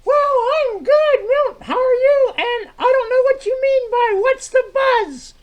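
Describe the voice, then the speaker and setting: A man voicing a cheeky young boy puppet in a children's skit, drawing out his words and tossing off deadpan wisecracks. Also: extremely high pitch, a little slow, muffled recording, pitched above the performer's own voice.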